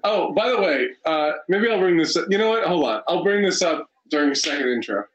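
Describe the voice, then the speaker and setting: A man's voice: on the high side, lively intonation, brisk, a bit bright, lo-fi sound. A man co-hosting a casual wrestling podcast, complaining bluntly and wryly. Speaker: podcast co-host. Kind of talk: casual chat watching old wrestling. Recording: roomy echo.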